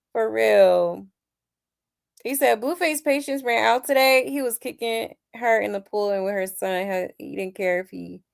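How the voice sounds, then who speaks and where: Female gossip host, slightly hoarse, sassy and chatty with her viewers, mid-pitched with vocal fry. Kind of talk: casual celebrity gossip commentary.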